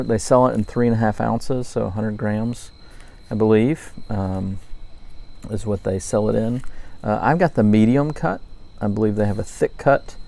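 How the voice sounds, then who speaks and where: A man from Louisiana casually reviewing pipe tobacco, relaxed and rambling with frequent ums. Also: fairly low pitch, vocal fry. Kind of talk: casual night-time review vlog.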